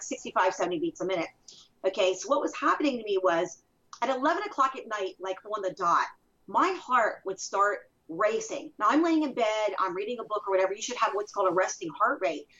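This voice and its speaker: A woman's voice: mid-range voice, sharp tone. A woman telling her own story as an interview guest, in an emphatic way that circles back and repeats itself. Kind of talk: personal testimony. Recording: dull lo-fi recording.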